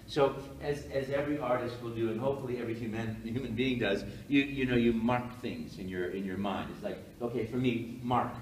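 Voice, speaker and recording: An older man giving a rambling, animated storytelling talk on stage as a guest speaker, acting out quotes as he goes. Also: mid-range voice, fairly quick, hardly any pauses, slight background noise. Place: hall at a live event. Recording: roomy hall echo, from far off, faint ambience.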